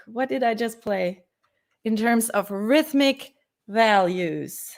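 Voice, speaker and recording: A woman teaching bass in a live-streamed lesson, talking informally and laughing easily as she answers viewers. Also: expressive, takes it slowly.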